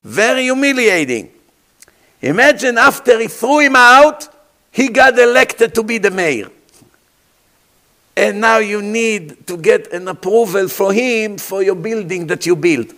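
A man's voice: high-pitched, unhurried, bright, forceful tone. A man preaching as a rabbi, telling stories dramatically in imperfect English and asking his listeners rhetorical questions. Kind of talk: sermon.

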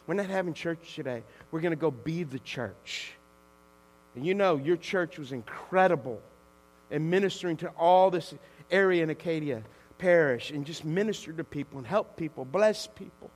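A pastor, a man with a high voice, delivers a lively sermon that swings between quiet and shouted moments. His voice rings through a large church sanctuary with a long hall reverb and a faint mains hum underneath. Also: fairly quick. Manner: animated, swings from hushed to shouting.

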